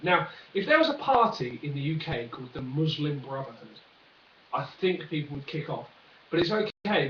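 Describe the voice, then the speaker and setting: A man's voice: on the high side, fairly bright tone, roomy sound, recorded from a distance, lo-fi sound, slight background noise. A man vlogging in a rambling comic monologue, full of jokey, sarcastic asides.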